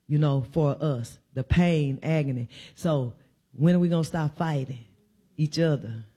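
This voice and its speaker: Woman giving a warm, repetitive sermon. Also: sits low. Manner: conversational preaching with repeated emphatic phrases. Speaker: church speaker. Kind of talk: informal sermon. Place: church.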